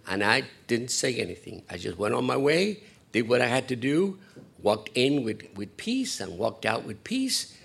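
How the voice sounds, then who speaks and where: A man preaching a Sunday sermon as pastor, rambling and self-deprecating, swinging between hushed asides and loud emphatic lines. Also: mid-range voice, gravelly, husky.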